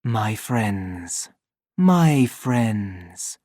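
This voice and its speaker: Man doing a gentle sorrowful broadcast voice, soft and tender, slow, pleading. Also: mid-range voice, lively intonation, no echo, clean studio sound. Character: soothing recorded crowd-control voice, gently sorrowful.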